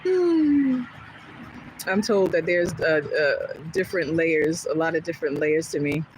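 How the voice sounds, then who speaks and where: A woman hosting a casual livestream from home, chatting with viewers in a rambling, animated way and laughing often. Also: deep voice, measured pace, a little hiss or hum, rough recording. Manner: chatty and rambling, jumping between topics. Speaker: livestream host. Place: home in California.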